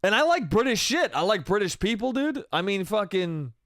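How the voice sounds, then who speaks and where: A man's voice: sits high, very animated, moderate pace, a bit bright, no echo, studio quality. An American man hosting a solo comedy podcast, ranting in a profane, rambling way and saying "dude" constantly. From United States. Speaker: podcast host.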